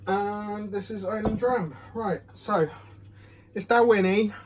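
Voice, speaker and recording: A man's voice: high voice, fairly even intonation, slow. A man giving a casual, rambling whisky review at home. He is self-deprecating and fills his talk with ums, recorded on a phone. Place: home room. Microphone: phone camera.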